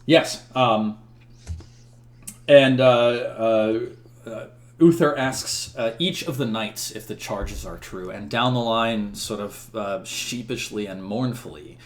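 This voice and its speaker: A man's voice: lowish voice, slow pace. A man narrating a tabletop game as game master, with many fillers. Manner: filler-heavy, descriptive.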